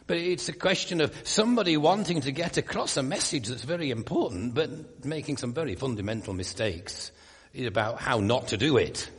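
A man's voice: medium pitch, animated, normal speed, husky, long reverb tail. An older man from Yorkshire with a Yorkshire accent, preaching a sermon in a conversational way with wry asides and emphatic rises. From Yorkshire, England.

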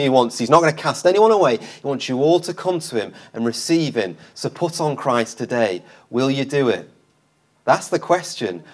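Impassioned preacher, man. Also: mid-range voice. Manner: impassioned, repeats phrases, rises and drops in force. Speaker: street preacher, guest speaker. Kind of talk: sermon. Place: church.

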